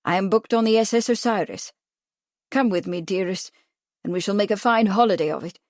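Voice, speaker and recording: A woman's voice: medium pitch, fairly quick, darkish tone, dry recording, lightly acted. Lady reading as a bossy young gent in an audiobook, pushy and raised up, dry close sound. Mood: persuasive. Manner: insistent and commanding, raised voice. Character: agitated pompous young gentleman son.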